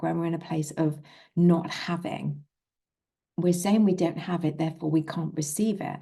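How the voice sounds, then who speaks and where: A woman giving a calm, gentle self-help talk as a manifestation coach, repeating soothing, encouraging phrases. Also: low-pitched, creaky.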